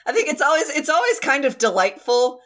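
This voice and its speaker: Giggly, lively podcast co-host woman. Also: high voice, a little fast. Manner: giggly, swearing, playful bits. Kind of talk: casual podcast chat.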